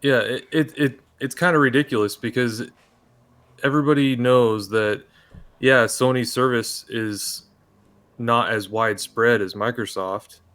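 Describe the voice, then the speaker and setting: A man's voice: medium pitch, measured pace, fairly bright tone. A man on a gaming podcast panel who talks in a rambling, frustrated way and often repeats words. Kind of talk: casual panel chat.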